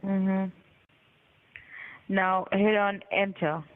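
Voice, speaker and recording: A woman's voice: medium pitch, steady tone, extremely slow, background noise. A woman on a phone call patiently giving step-by-step typing instructions, spelling out letters. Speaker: scam caller. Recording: tinny phone line.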